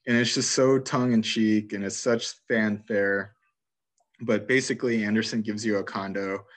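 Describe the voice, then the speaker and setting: A man chatting casually about a video game he loves, rambling through favorite scenes and laughing as he retells them. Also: fairly low pitch.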